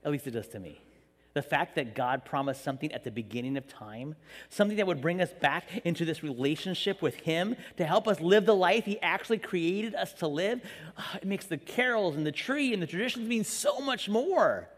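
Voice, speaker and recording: A man's voice: on the high side, fairly quick, in a large hall. A man preaching a sermon in a church, telling the story with jokes and acting out the quotes. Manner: animated, jokey storytelling with acted-out quotes. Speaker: pastor.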